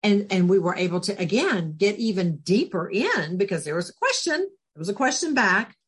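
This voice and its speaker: A woman's voice: mid-range voice, moderate pace, husky. A talkative, spunky woman telling stories as a podcast guest, laughing often. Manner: laughs often, animated storytelling. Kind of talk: casual interview chat.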